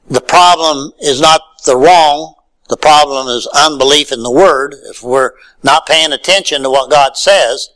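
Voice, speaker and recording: A man's voice: medium pitch, fairly bright tone, poor audio. A man preaching a sermon, reading scripture aloud and then retelling it in his own words with rising emphasis and rhetorical questions.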